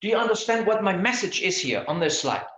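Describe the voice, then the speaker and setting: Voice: medium pitch, very animated, brisk, a bit bright, a little hiss or hum. A lecturer giving an online class on academic writing, often stopping to restart words and asking the listeners questions. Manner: hesitant, many restarts and repeated words; asks the audience questions. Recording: echoey, dull lo-fi room sound.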